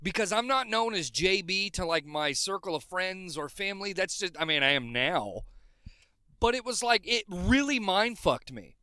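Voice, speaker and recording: A man in casual chat, speaking in a hesitant, halting way with many restarts. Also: high-pitched, very animated, sharp tone, clear, resonant tone, dry recording.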